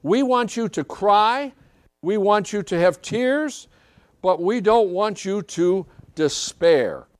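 An emphatic male preacher whose pitch swings widely as he leans on repeated phrases and keeps checking in with his listeners. His voice sits a touch high for a man. The recording is dry and close, with no room echo. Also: animated, slow. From British Isles. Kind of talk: sermon.

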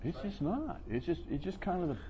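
A man preaching a sermon to a congregation, asking questions and playing out the listeners' doubts in a higher voice. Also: fairly quick, muffled recording. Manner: animated, voices the questioners in a high mocking tone.

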